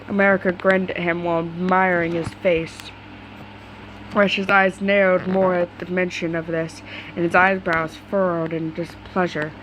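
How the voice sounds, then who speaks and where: A woman's voice: fairly low pitch, level tone, normal speed, fairly bright tone, a little hiss or hum, poor audio. A woman casually reading a fan story aloud, stumbling over words now and then. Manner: casual, stumbling, swears in asides. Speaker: story reader.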